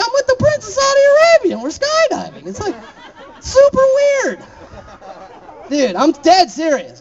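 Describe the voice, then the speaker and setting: A man's voice: extremely high pitch, highs cut off, a little hiss or hum. A young man from Florida doing a stand-up set, laughing at his own jokes and throwing chatty asides to the crowd. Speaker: stand-up comedian.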